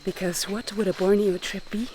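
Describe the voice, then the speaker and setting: A woman's voice: medium pitch, fairly even intonation, normal speed. Woman whispering in a jungle. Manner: hushed, half-whispered. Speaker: travel vlogger. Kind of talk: whispered travel vlog. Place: outdoors at a jungle wildlife reserve. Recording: noisy outdoor recording.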